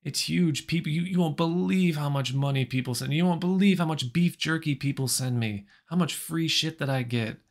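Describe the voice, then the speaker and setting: Guy doing a gravelly american podcaster voice, low and hushed, begging over and over. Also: normal speed, hardly any pauses. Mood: boastful. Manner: hushed, insistent, repeating himself. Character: famous middle-aged male podcaster, pleading and cagey.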